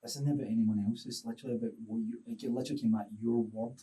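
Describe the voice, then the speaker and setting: A man's voice: medium pitch, fairly even intonation, rapid-fire, warm tone, distant mic, rough recording. A man, a fitness coach and podcast guest, telling stories in a reflective, rambling way. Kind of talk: casual podcast chat.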